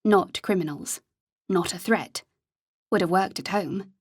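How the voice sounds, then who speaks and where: A woman reading an audiobook in a measured, steady storytelling manner. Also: lowish voice, breathy edge, no room sound, clean studio sound. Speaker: audiobook narrator. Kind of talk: scripted narration.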